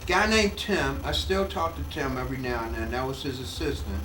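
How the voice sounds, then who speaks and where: An older male comedian telling an animated story in an interview at home, acting out the voices, recorded off-mic in an echoey room. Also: mid-range voice, brisk, recorded from a distance, a little hiss or hum. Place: his home.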